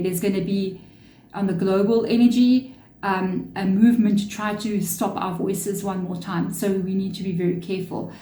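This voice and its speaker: A woman's voice: mid-range voice, mellow, roomy sound, rough recording. A woman giving a chatty, earnest tarot reading to her viewers, with spiritual asides. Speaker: tarot reader.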